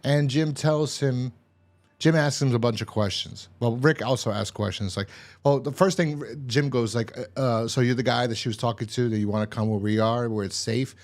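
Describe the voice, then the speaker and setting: A man's voice: mid-range voice, normal speed, a little mellow. A man recapping and reviewing a TV episode in a casual, rambling way, swearing often and acting out quoted lines. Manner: rambling, profane, retells scenes with quoted lines. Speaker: show reviewer.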